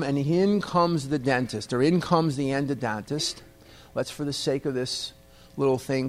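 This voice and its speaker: A man telling a humorous, self-deprecating personal story to a meeting audience. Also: on the high side. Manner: self-deprecating, wry, conversational. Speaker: speaker at a recovery meeting.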